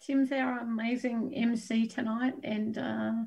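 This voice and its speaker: A woman's voice: a little high, flat delivery, a little slow, vocal fry, a little mellow, rough recording. A woman co-hosting an online event, speaking in an earnest and open way. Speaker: co-host and organizer. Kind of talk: heartfelt address. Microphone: video call.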